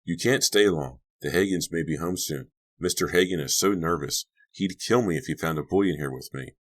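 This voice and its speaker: A man's voice: deep voice, normal speed. A man doing an angry teenage babysitter girl. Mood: tense. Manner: sharp, insistent. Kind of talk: audiobook character voice.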